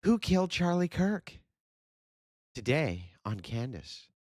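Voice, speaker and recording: A man's voice: fairly high pitch, big pitch swings, slow, a little mellow, no room sound, studio quality, pitched above the performer's own voice. A man doing a mocking impression of a woman hosting a sensational true-crime show, announcing in a mock-dramatic tone. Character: breathless conspiracy-show woman host.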